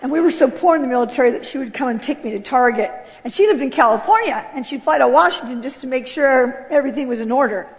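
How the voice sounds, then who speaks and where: A woman giving an animated personal testimony and acting out the voices of others. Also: sits high, fast, hardly any pauses. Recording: long hall reverb.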